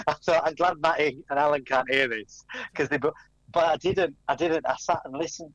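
A man's voice: mid-range voice, steady tone, normal speed, no room sound, highs cut off. A man who is a regular guest on a radio show, chatting casually and telling anecdotes.

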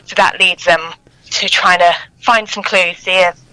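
Thirties female author, phone guest, friendly, hesitant, lowish voice, dry sound. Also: steady tone, a little slow, sharp tone, clean tone, dry recording, rough recording. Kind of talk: phone interview. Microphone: mobile phone.

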